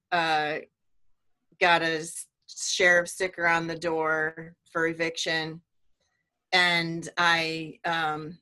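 A middle-aged woman giving a personal testimony in a halting, earnest way, with many restarts. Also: sits low, sharp tone.

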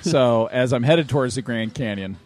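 A man's voice: medium pitch, lively intonation, normal speed, a little mellow, faint music behind. A man joking around in a casual podcast chat, playful and teasing.

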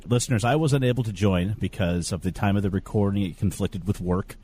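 A man with a fairly low voice chatting on a casual podcast. He teases his co-hosts playfully and often breaks into laughter. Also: fairly quick, dark tone, slight background noise. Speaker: podcast co-host.

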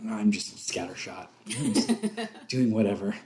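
A man chatting through a movie commentary, jokey and quick to laugh. His pitch swings widely as he talks. He keeps dropping into impressions. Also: crowd noise. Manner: animated, jokey, laughs often and slips into impressions. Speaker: podcast co-host. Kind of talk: casual movie commentary chat.

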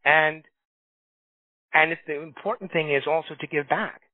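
A middle-aged New York staffing recruiter and association leader chats casually on a podcast, animatedly acting out quoted people as he tells stories. His voice is on the high side at a moderate pace. The recording is dry with a tinny, phone-like quality.

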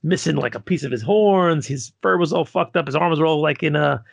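A man's voice: on the high side, fairly quick, creaky, dry recording. A man hosting a podcast, working through a ranked list in a laid-back way with lots of fillers and some swearing. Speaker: podcast host reading a list. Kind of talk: casual podcast list rundown.

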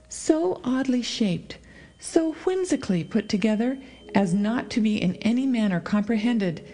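A woman narrating a story aloud in an expressive reading style, with dramatic pauses. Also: medium pitch. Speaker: audiobook reader. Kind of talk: scripted narration.

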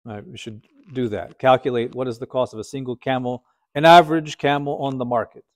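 A man's voice: medium pitch, fairly even intonation, fairly quick. Man telling an Islamic history lesson. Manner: conversational, asks the listeners rhetorical questions. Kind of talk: storytelling lecture.

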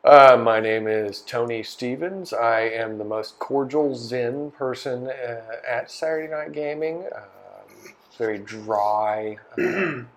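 A man introducing his character on a tabletop game podcast in a joking, deadpan way. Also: mid-range voice, takes it slowly. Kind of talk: casual podcast banter.

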